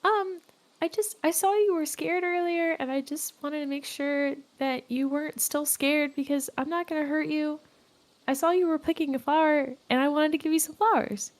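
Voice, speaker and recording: A woman voicing her character, a kind young adventurer who speaks softly and earnestly. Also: high-pitched, fairly even intonation, moderate pace, pitched above the performer's own voice, natural voice. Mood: gentle. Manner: soft, earnest, reassuring.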